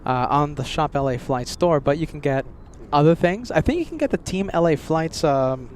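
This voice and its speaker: A man's voice: fairly high pitch, expressive, normal speed, darkish tone. An American man hosting a casual live stream outdoors at an airport, chatting and thanking viewers. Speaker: livestream host. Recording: faint outdoor traffic noise. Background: faint street and vehicle noise.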